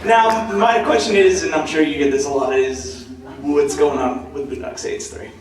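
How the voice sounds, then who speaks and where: A man's voice: fairly high pitch, fairly even intonation, moderate pace. A man asking a question from the audience at a convention panel, eager and stumbling over his words. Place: large convention hall. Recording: echoey hall, distant mic, crowd noise.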